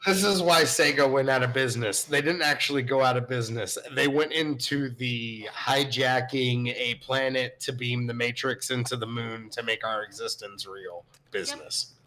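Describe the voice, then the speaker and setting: A man's voice: medium pitch, steady tone, normal speed, few pauses, sharp tone, slight background noise. A man co-hosting a podcast, chatting casually in a rambling, profane way with frequent laughs. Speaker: podcast co-host. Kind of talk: casual chat.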